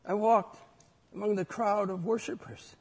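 A man preaching a sermon and reading scripture aloud, swinging between loud declaring and quiet, reflective reading. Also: high voice, fairly even intonation, unhurried, slightly rough. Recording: long hall reverb.

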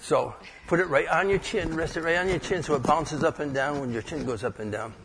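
A man's voice: a little high, fairly quick, a bit bright, slight background noise. A man preaching an informal sermon as pastor, folksy and joking, acting out short prayers. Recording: echoey hall with long reverb.

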